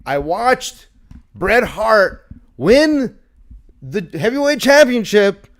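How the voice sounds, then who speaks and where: A man's voice: high voice, very animated, slow pace. A man in his thirties co-hosting a casual podcast, joking and swearing as he acts out everyday exchanges. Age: 30s. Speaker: podcast co-host. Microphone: video call.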